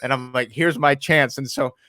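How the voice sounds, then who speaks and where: A man hosting a sports radio show, telling stories in an animated way with frequent laughs. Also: medium pitch, normal speed, dry recording, clean studio sound. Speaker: radio host, ring announcer. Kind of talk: casual radio chat.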